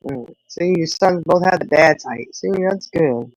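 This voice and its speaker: A woman's voice: low voice, expressive, unhurried, few pauses, no echo, muffled recording. A middle-aged woman, chatting casually with viewers and rambling through family stories with laughs. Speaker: livestream host.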